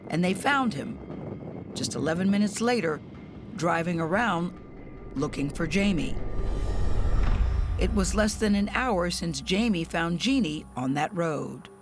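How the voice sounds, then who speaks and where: Over music, a woman correspondent narrates a news report in a measured, solemn way and interviews family members. Her pitch is fairly low and her delivery expressive.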